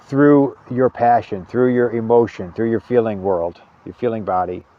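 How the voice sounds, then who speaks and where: A man giving an earnest spiritual talk, halting often and repeating words as he searches for them. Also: mid-range voice, steady tone, phone-quality sound. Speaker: spiritual teacher.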